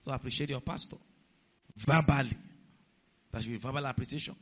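Lively preacher, bright tense voice. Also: male voice, fairly quick, husky. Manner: rhetorical questions to the congregation; acts out quoted speech in a lower voice. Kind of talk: sermon. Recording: dull lo-fi recording.

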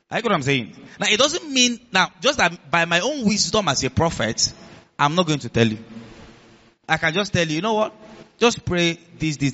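Preacher guy going up and down a lot, bright edge, kinda dull lo-fi audio. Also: on the high side. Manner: animated preaching, laughs, asks the congregation questions. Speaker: pastor. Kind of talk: sermon.

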